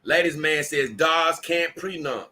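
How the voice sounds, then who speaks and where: A tired man is hosting a casual livestream, his voice a little high and sharp in tone, unhurried as he reads viewer comments aloud. He rambles, repeating himself and restarting often.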